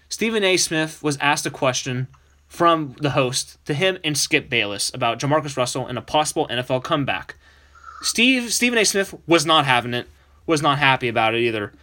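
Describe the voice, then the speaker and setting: Bright-voiced casual male podcast host. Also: mid-range voice. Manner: easygoing, laughs along, loose restarts. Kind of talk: casual sports podcast chat.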